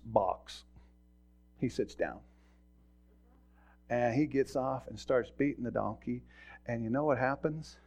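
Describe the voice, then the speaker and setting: A man preaching a sermon as pastor, retelling a story with swings from hushed to loud. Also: mid-range voice.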